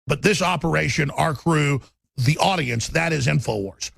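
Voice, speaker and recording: Brief: male talk host, forceful nonstop rant, high gravelly voice. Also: no room sound. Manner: forceful, rapid, stammering restarts. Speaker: radio talk show host. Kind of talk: ranting political talk.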